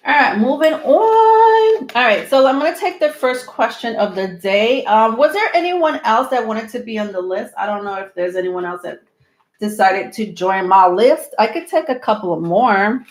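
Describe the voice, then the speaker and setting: A woman's voice: medium pitch, lively intonation, normal speed. A woman hosting a live tarot stream, talking to viewers in a rambling, reassuring way with many ums. She sounds a little out of breath. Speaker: tarot reader hosting a livestream. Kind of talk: live tarot reading, casual chat to viewers.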